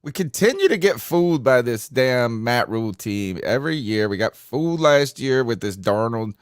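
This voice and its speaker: A man hosting a casual call-in podcast, venting in a rambling, frustrated way. His voice sits at an ordinary pitch and sounds dry and close, with no room around it. He often trails off quietly at the ends of his thoughts. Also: sing-song, normal speed, smooth, no echo. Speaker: podcast host taking calls. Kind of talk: casual postgame call-in talk.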